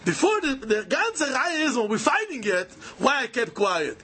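A man giving an animated Talmud lecture, repeating key phrases for emphasis. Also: very high-pitched, moderate pace, husky. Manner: animated, repeats phrases, mixes Yiddish and Hebrew terms. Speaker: Talmud teacher. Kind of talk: yeshiva-style Talmud lecture.

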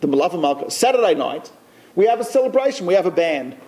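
Lay teacher, man with a high voice, anecdotal talk, repeats himself for emphasis. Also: sing-song, fast, a little mellow. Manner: storytelling, repeats phrases for emphasis.

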